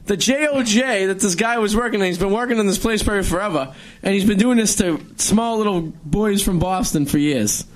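A man's voice: sits high, fairly quick. A man in his thirties from Massachusetts, co-hosting a radio show and telling a rambling, self-mocking story in casual chat. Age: 30s.

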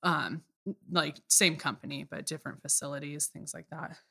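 Low-pitched candid woman in her thirties. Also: steady tone, creaky, bright, forceful tone, husky. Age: 30s. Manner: candid, laughing, halting with many restarts. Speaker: podcast guest. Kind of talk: casual chat.

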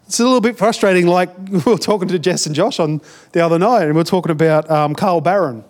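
A man's voice: high voice, quick pace. A man with an Australian accent, a pastor giving a conversational sermon, often repeating words as he builds a point.

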